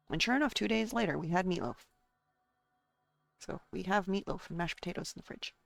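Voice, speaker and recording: A woman's voice: fairly low pitch, a little fast, creaky, pauses often, a bit bright, no room sound, soft background music. A woman streaming a game and chatting casually, rambling from one thought to the next and talking to her chat and herself.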